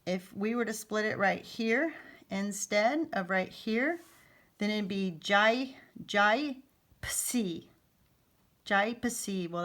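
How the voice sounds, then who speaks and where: A middle-aged woman teaching a phonics lesson to parents. She talks in an easy, chatty way, says the key rules again and again, and keeps checking in with her listeners. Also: medium pitch. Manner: chatty, repeats key points, asks "okay?".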